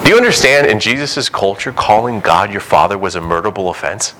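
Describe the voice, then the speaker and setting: Animated man preaching, low voice. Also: quick pace, background noise. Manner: animated, dramatic reading of scripture and quoted voices. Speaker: pastor. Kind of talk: sermon.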